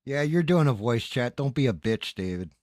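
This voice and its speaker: Casual male stream host, profane and joking, mid-pitched voice, dry close-miked sound. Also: lively intonation, moderate pace, darkish tone, no room sound. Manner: loose, profane banter with the live chat. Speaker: podcast host. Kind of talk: casual livestream chat.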